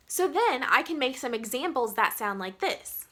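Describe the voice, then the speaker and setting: A woman's voice: high voice, very animated, normal speed, few pauses, pushed and bright, a little hiss or hum. A young woman teaching music, explaining rhythm in a chatty way and chanting counting syllables to demonstrate them.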